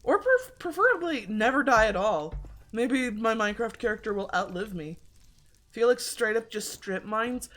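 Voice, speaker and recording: Bright-voiced woman streamer, chatty and wry. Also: fairly high pitch, animated, measured pace. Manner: chatty, self-deprecating, swearing. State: throat clearing, slightly congested. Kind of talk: casual gaming commentary.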